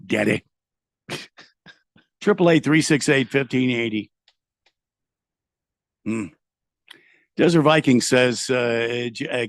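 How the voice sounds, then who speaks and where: Male sports radio host, gravelly, rambling, self-deprecating; close dry studio sound. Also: medium pitch, takes it slowly, pauses often, no echo. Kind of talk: casual radio banter.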